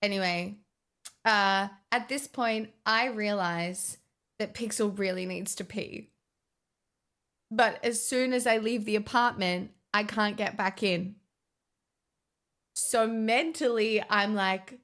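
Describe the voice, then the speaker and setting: A woman's voice: medium pitch, slow, fairly bright tone. A young woman, chatting casually as a vlogger, swearing often and restarting her sentences. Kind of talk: casual storytime chat.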